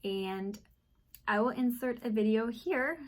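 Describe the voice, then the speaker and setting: A young woman from Texas telling a story in a casual vlog at home, animated and acting out what people said. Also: fairly high pitch, takes it slowly. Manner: animated, acts out quoted voices. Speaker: vlogger. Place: apartment at home.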